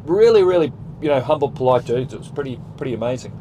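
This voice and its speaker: A man's voice: medium pitch, lively intonation, fast, mellow, slight background noise, rough recording. A man with an Australian accent, co-hosting a podcast in casual chat, talking in an earnest, reflective way. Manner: earnest, reflective, praises at length. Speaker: podcast co-host.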